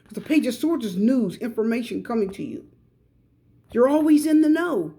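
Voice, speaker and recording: A middle-aged woman reads tarot cards for her viewers in a chatty, emphatic way, pressing each point home. Her voice sits a little high but has a mellow, warm tone. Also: animated, normal speed. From United States. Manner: chatty, emphatic, repeats advice directly to viewers. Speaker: tarot reader. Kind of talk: pick-a-card tarot reading.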